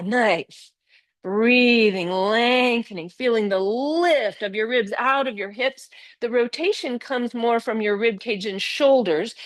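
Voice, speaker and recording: An older woman leads a live yoga class, her voice a touch high and recorded close and dry. She gives step-by-step cues and keeps encouraging her students by name. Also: no echo. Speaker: yoga teacher. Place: yoga studio.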